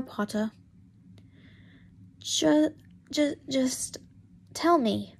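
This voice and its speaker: Young woman, casual fanfiction reading, halting, frequent restarts, slow, higher voice. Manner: halting, stumbles and restarts often. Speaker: fanfiction reader.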